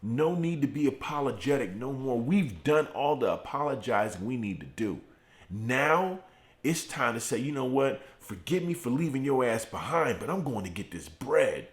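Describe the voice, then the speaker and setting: A middle-aged man hosting a motivational morning live stream from his home garage, preaching with fired-up repetition while deliberately keeping his voice turned down. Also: very animated. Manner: fired-up preaching with repeated phrases, speaking in a deliberately lowered voice. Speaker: host of a morning motivational show.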